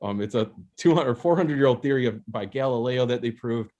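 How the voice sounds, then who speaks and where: A young man performs a loose, rambling comedy bit as host of an online open mic. He keeps mocking himself and breaking into laughter, heard through a video call, his pitch sitting in an ordinary middle range. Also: fairly quick, a little mellow, dull audio. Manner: rambling, self-mocking, frequent laughter and restarts.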